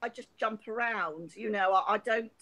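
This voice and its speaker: A woman's voice: medium pitch, moderate pace, pushed and bright, low-quality recording. A middle-aged woman from Hampshire with a posh southern English accent. She chats on a video call in a rambling way, laughs a lot and swears freely. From Hampshire, England. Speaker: guest. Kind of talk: casual live-chat conversation.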